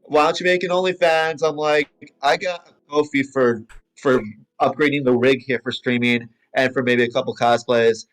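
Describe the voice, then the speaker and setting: A man's voice: medium pitch, fairly even intonation, moderate pace, faint music behind. A man hosting a podcast, explaining himself earnestly in casual chat.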